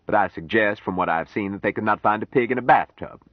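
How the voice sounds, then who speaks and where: A man's voice: fairly low pitch, dry recording, muffled recording, voice pushed up, close to an everyday voice. A man doing a sardonic old lawyer. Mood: dry, firm. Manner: dry, measured, sardonic. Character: dry, shrewd older male lawyer.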